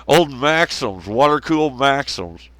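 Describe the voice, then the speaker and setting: Brief: man, profane solo commentary, lively swooping pitch, dry close sound. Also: no room sound. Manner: rambling, swears a lot, laughs at his own jokes, mocking voices. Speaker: podcast host.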